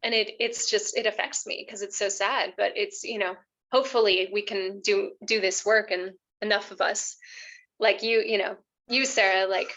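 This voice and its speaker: A woman's voice: medium pitch, steady tone, normal speed, a bit bright. A woman love coach, a podcast guest, talking earnestly in a casual conversation, emotional and choking up a little, with many fillers.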